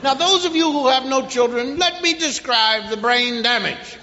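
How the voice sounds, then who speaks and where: A man's voice: very high-pitched, normal speed, pushed and bright, highs cut off, slight background noise. A man doing a stand-up comedy routine, animatedly telling stories and mimicking parents and children. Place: comedy stage before an audience. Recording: live stage recording with long reverb.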